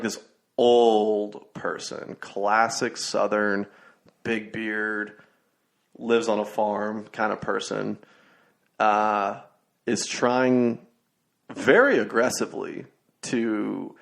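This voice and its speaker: A man's voice: fairly low pitch, slow pace, gravelly. A young man hosting a podcast, telling rambling stories in casual chat with lots of fillers and restarts. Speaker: podcast host.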